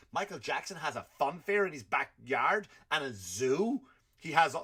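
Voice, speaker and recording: A man's voice: a little high, husky. A man, a comedian and podcast host ranting in a rambling, profane way. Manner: rambling, profane, jumps in loudness. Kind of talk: comedic rant.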